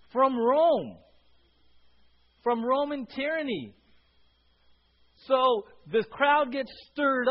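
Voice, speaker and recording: A man's voice: a little high, husky. A man preaching a sermon to a church congregation, asking rhetorical questions and often repeating words as he restarts. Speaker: pastor. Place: church service. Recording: dull lo-fi recording.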